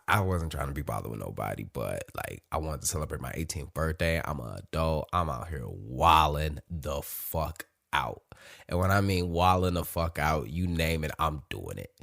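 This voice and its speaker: A man's voice: very deep voice, creaky, a bit bright, no echo, studio quality. A man in his thirties, a podcast host, telling a frank, profane personal story with emotional openness.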